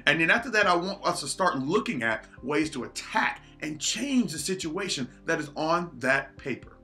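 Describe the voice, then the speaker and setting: Earnest guy preaching a pep talk on a livestream, bright voice, a bit of music in the back. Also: on the high side, big pitch swings, normal speed. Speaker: motivational speaker.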